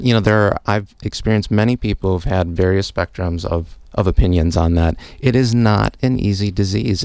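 Deep-voiced man explaining calmly. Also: clean tone, no echo. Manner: calm, measured, explanatory. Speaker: physician and professor, guest expert. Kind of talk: radio interview answers. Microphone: studio microphone.

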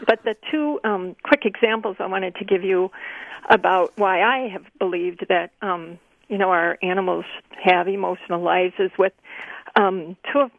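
A woman's voice: mid-range voice, fairly even intonation, moderate pace, no room sound. A woman calling in to a radio show, eagerly telling personal stories. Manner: eager, chatty storyteller. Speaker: caller. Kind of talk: phone-in story telling. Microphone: telephone. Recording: tinny phone line.

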